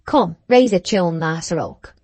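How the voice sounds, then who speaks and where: A woman's voice: lowish voice, animated, measured pace, a little mellow, no room sound. A woman reading the part of a genial village labourer in an audiobook, speaking in a soothing, coaxing way.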